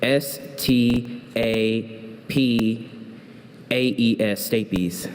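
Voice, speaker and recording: A man's voice: medium pitch, fairly even intonation, extremely slow, background noise. A male spelling bee contestant who asks many questions in a hesitant way before spelling. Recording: hall reverb, faint ambience.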